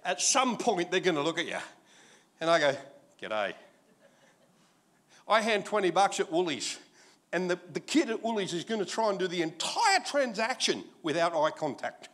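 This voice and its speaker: Lively Australian preacher in his sixties. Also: high voice, normal speed. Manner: jokey, animated storytelling with acted asides. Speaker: pastor. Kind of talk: sermon.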